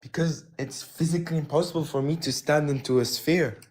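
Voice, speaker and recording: A man's voice: fairly high pitch, fairly even intonation, a little fast, darkish tone. Hesitant, defensive man caller. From mother Moldovan, father American. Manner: hesitant, defensive, stumbles over words. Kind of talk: casual online debate.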